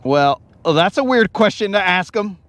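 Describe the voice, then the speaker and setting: Upbeat fishing streamer, a man with a high, bouncy voice, animated storyteller. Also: moderate pace. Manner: animated storyteller, calls everyone bro; breaks into high whooping yells. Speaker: fishing livestreamer. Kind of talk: casual live-stream chat.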